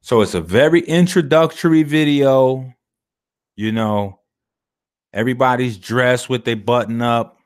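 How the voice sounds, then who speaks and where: A man's voice: medium pitch, unhurried. A man hosting a video, giving casual commentary on clips in an emphatic, slangy, profane way and repeating his phrases for effect. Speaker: video host.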